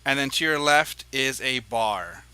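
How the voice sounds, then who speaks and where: A man's voice: medium pitch, expressive, measured pace, bright, forceful tone, a little hiss or hum, rough recording. A man narrating as dungeon master in a tabletop game, describing scenes in a rambling, hesitant way with many fillers.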